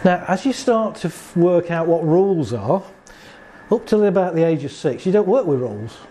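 Mellow-voiced man giving a talk. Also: high-pitched, big pitch swings, normal speed. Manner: chatty storyteller, acting out quotes with laughs. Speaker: speaker on anxiety and relationships. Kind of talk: talk to a live audience.

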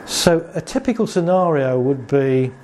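A man's voice: medium pitch, animated, unhurried, darkish tone, slight background noise. A man giving a chatty talk on anxiety to an audience, acting out little scenes and laughing along. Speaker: speaker on anxiety and relationships.

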